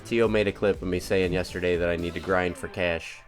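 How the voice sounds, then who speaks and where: A man's voice: sits low, fairly even intonation, a little fast, faint music behind. A man streaming a racing game live, chatting casually to viewers in a rambling, upbeat, self-mocking way. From United States.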